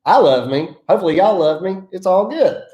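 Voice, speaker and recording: A man's voice: sits high, lively intonation, brisk, mellow. A man from the mountains of North Carolina with an Appalachian accent, giving folksy, self-deprecating business advice in a casual vlog. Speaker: land clearing contractor. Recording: echoey room.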